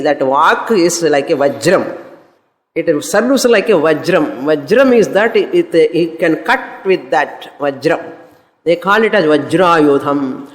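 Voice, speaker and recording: A woman's voice: deep voice, lively intonation, slow pace, long reverb tail. A woman teaching a scripture class, explaining Sanskrit verses word by word, repeating terms and slipping into Tamil. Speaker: Vedanta teacher.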